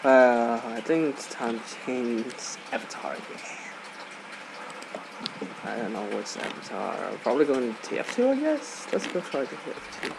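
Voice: medium pitch, very animated, normal speed, gravelly. A gaming host giving casual, playful commentary over a match, swearing and laughing now and then. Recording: loud game noise behind.

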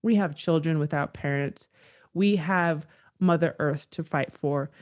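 A woman, a guest author, talking candidly in a podcast conversation with earnest, animated storytelling. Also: low voice, measured pace.

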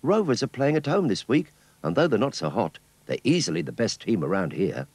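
A man's voice: medium pitch, huge pitch swings, brisk, darkish tone, husky, dry recording, voice pushed up. A man voicing a cheerful young boy in a storybook cartoon, talking eagerly about going to a football match.

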